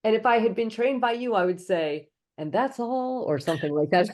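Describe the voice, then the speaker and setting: A woman's voice: medium pitch, expressive, a little fast, a little mellow. A woman hosting a casual interview podcast, upbeat and encouraging, laughing easily. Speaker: podcast host.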